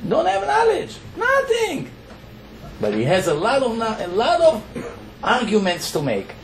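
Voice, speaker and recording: A man's voice: very high-pitched, wildly swooping pitch, unhurried, creaky. A man with an Israeli accent, a rabbi giving a Torah lecture to a congregation, emphatic and firing off rhetorical questions that he answers himself. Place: lecture hall. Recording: echoey hall with faint background noise.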